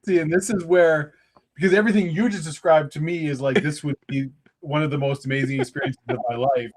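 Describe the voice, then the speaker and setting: A man co-hosts a relaxed chat, teasing his partner with playful exaggeration and eager reactions. He drops in frequent quick agreements. His voice sits a bit high for a man. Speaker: podcast co-host. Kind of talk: casual chat.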